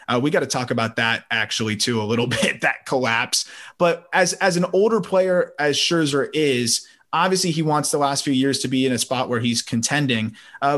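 A man's voice: medium pitch, fairly bright tone. A man hosting a laid-back sports podcast from home. He chats freely, laughs often and restarts his sentences as he goes. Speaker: podcast host. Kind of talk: casual sports podcast chat. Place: home during a summer thunderstorm.

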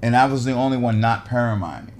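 A man, an actor, telling an animated story from a film set, acting out the people in it, with many restarts and fillers. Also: mid-range voice, quick pace. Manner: acts out quoted voices, frequent restarts and fillers.

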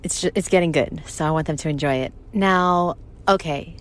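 A woman co-hosting a casual chat, joking around and firing off quick questions. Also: low-pitched. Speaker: podcast co-host. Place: parked car.

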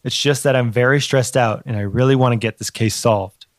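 A man's voice: medium pitch, steady tone, a little fast. A man hosting a comedic audio drama as an amateur detective, talking awkwardly and switching to sudden screaming. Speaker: podcast host playing an amateur detective.

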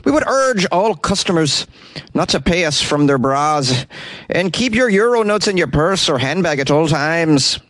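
A man's voice: fairly high pitch, lively intonation, normal speed, a bit bright, no echo, voice pushed up. An American man putting on an Irish accent to voice a shop owner reading out a formal store notice. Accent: put-on Irish.

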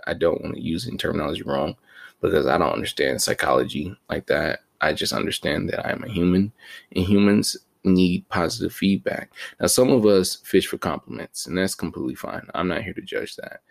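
A man's voice: deep voice, brisk, creaky. A man talking in a slang-heavy, rambling and self-mocking casual monologue as a podcast host.

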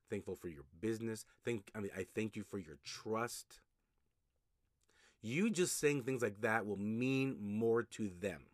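Recorded at studio quality with no echo, a notary signing agent with a mid-range voice hosts his own podcast. His advice is casual and chatty, full of fillers, repetitions, and sentences he starts over.

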